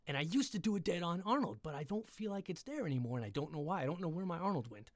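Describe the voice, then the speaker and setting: A man chatting on his own livestream between readings, rambling with quick, self-deprecating asides from his computer setup. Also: on the high side, animated, no echo, clean studio sound. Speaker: livestream host reading stories. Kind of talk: casual chat on a livestream.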